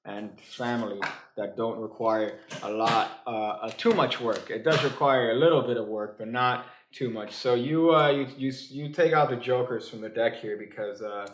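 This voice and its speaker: A halting, joking male card magician. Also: mid-range voice, reverberant, noisy background. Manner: halting, full of fillers and restarts; dry, joking asides. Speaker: magician teaching a card trick. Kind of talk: casual comedic tutorial.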